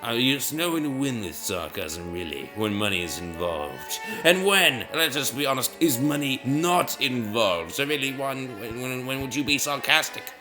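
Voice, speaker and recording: A man's voice: mid-range voice, very animated, normal speed, hardly any pauses, music in the background. A man rambling through casual, self-mocking commentary while he plays brain-training games. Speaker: gaming video host.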